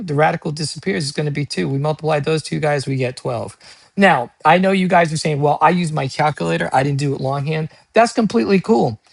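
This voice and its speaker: Gravelly, upbeat male math tutor. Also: a little high, no room sound. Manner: energetic, asks and answers his own questions; casual slang, chatty. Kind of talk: video math lesson.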